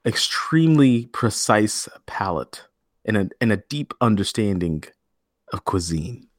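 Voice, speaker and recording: A man's voice: lowish voice, animated, measured pace, no room sound, studio quality. A man co-hosting a podcast in casual chat, joking and swearing as he riffs on news. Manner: jokey, profane, reads news quotes aloud. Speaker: podcast co-host.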